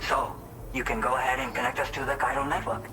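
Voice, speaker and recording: An actor playing a grateful game character with a put-on Indian accent and sentence-end flourishes. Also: male voice, mid-range voice, little pitch movement, quick pace, noisy background, natural voice. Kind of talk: video game dialogue.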